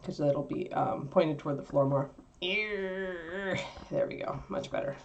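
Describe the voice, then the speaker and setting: A woman hosting a casual livestream, animated and laughing, cooing at her puppy between remarks. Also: low-pitched, slow pace, creaky, dull audio, a little hiss or hum. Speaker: livestream host.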